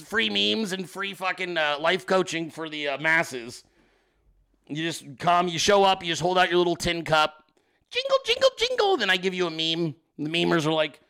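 A man's voice: fairly high pitch, bright, forceful tone. A man hosting a casual livestream, sarcastically riffing on viewer pictures and swearing freely. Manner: profane, sarcastic, riffing at the audience. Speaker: livestream host.

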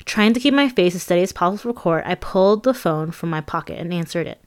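A woman reading her own memoir aloud as an audiobook, in a conversational, lively and self-mocking way. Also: lowish voice, fast talker.

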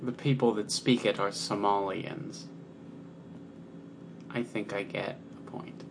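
A man's voice: fairly even intonation, takes it slowly, creaky, noisy background. A man co-hosting a podcast, chatting casually and self-deprecatingly over a word game. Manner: low-key, self-deprecating, teasing. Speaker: podcast co-host.

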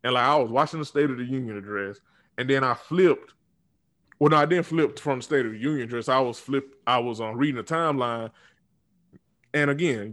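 A man in his twenties speaking in a casual political rant, blunt and profane, dropping to low mutters and jumping to loud laughing outbursts. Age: 20s. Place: southern United States.

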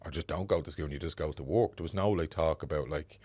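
Dublin man, podcast host, earnest reflective chat, very low pitch, dry close mic. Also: fairly even intonation, fast, few pauses, a little mellow, dry recording. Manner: reflective, earnest, frequent fillers. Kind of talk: casual podcast conversation.

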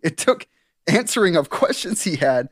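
A man's voice: on the high side, moderate pace, no room sound, clean studio sound. A man co-hosting a casual faith podcast, reading scripture aloud and retelling it with laughs and slang. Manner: animated, laughing, plays up the story with modern slang. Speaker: podcast co-host.

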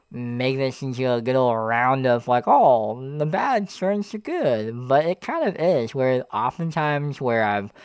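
A young man with a smooth, clear voice talks casually on his podcast, rambling and self-deprecating, his words full of fillers. The sound is dry and close, with no room echo. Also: medium pitch. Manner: rambling, many fillers like "like" and "you know". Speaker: podcast host. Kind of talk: casual reflective monologue.

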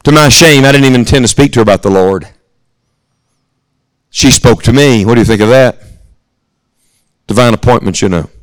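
A man's voice: mid-range voice, fairly quick, pauses often, no echo, poor audio. A man with an American accent preaching a sermon at a youth camp, earnest and speaking straight to his listeners. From United States. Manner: earnest, storytelling, addresses listeners directly.

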